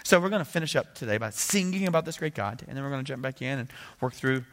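A man's voice: quick pace, slight background noise. A male pastor preaching a sermon in a casual, conversational way, acting out dialogue with bursts of rising energy. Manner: animated, acts out biblical dialogue with rising pitch and volume.

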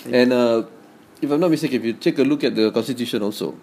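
A man's voice: mid-range voice, fast, a little mellow. A young man with a Malaysian English accent, co-hosting a casual chat in a jokey way and laughing often. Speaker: podcast co-host.

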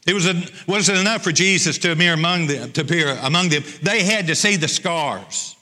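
A man's voice: on the high side, a little fast, bright, forceful tone. A male pastor preaching a sermon, emphatic and repeating his key phrases. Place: church sanctuary. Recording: long church hall reverb.

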